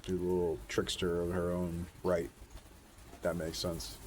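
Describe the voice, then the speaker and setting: A man's voice: deep voice, monotone, a little mellow. A man in his forties, talking outdoors in a rambling, reflective, casual way and swearing now and then. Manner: musing, unhurried, casual with swearing. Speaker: vlogger. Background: faint wind noise.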